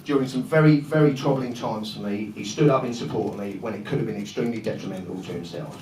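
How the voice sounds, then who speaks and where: A man's voice: on the low side, fast talker, slight background noise. A man giving a joking, flustered best man speech at a wedding, laughing often. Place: large function room full of guests. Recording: roomy, from far off, loud crowd. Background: loud laughing crowd.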